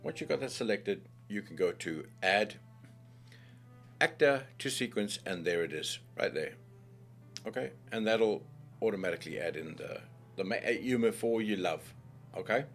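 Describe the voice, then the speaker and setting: A man hosting a software tutorial in a chatty, playful way, full of jokey asides and calling the viewer mate and love. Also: on the low side, animated, normal speed, soft background music. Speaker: tutorial host. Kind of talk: screen-recorded software tutorial.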